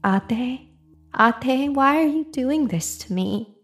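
A woman playing a possessed aunt in a ghost story, her voice pushed high and thin, wavering between pleading and threat. Strained and unsettling, it breaks on its cries. Music plays underneath. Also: lively intonation, slow, full character voice.

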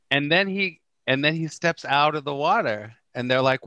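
This spiritual teacher and podcast guest, a middle-aged man who teaches A Course in Miracles, tells stories casually and performs the quoted lines with animation. His voice sits on the high side, at a moderate pace with hardly any pauses, clean in tone but lo-fi, with no echo.

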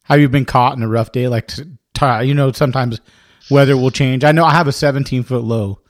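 A man hosting a casual chat who asks relaxed questions and laughs along. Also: mid-range voice, a little fast, dry recording, studio quality.

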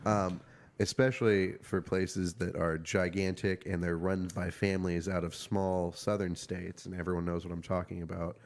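A man co-hosting a casual podcast chat, telling stories in a profane, animated way. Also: low voice, normal speed. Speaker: podcast co-host.

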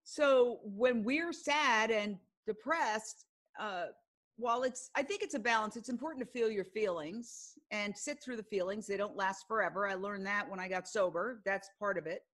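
Speaking at a moderate pace in a mid-range, slightly bright voice, an older woman who works as a broadcast journalist chats on a podcast as a guest. She recounts stories with sincerity, voicing what others said.

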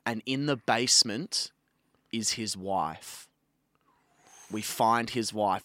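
A young man co-hosting a podcast, chatting casually, swearing and telling an animated story. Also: mid-range voice, no echo, studio quality. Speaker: podcast co-host. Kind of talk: casual chat.

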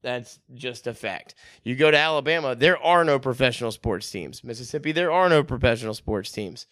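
A man's voice: medium pitch, lively intonation, fairly bright tone, no echo, studio quality. Laughing man talking sports. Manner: laughs often, makes quick jokes. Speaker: podcast co-host. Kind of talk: casual sports chat.

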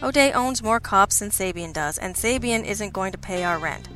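A woman's voice: mid-range voice, lively intonation, moderate pace, sharp tone, soft background music. A woman voicing a wry, cynical male detective partner in a dry, sardonic tone, in a storybook reading.

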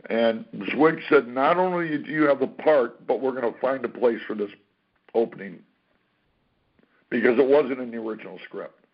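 A man telling a career story as an interview guest, animated, acting out what people said and swearing freely. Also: medium pitch, moderate pace, slightly rough. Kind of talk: casual anecdote-telling. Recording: dull lo-fi recording.

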